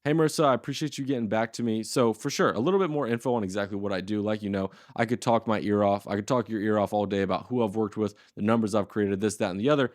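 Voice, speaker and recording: Young guy in his 20s giving a loose slangy tutorial, lowish voice, dry close sound. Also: fast, few pauses, no room sound. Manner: loose, slangy and blunt, with many fillers. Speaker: course host. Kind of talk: casual tutorial.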